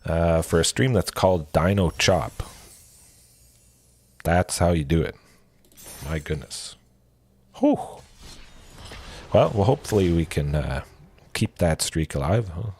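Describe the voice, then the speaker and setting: A man streaming a card game, commenting casually and thinking aloud, with excited exclamations and a lingering cough. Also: sits low, takes it slowly, pauses often, slight background noise. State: coughing, with a cold.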